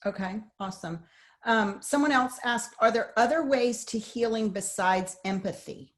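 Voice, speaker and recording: A woman hosting a webinar, thanking the speaker and reading out audience questions with relaxed fillers. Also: on the high side, normal speed. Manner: warm, laughing, relaxed fillers. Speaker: webinar host. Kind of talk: casual moderating.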